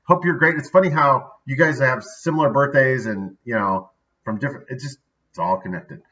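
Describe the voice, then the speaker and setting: Man, casual motivational talk, bright tense tone, muffled lo-fi recording. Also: medium pitch, moderate pace, far from the mic. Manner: upbeat, conversational, frequent "right?" asides. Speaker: daily video host.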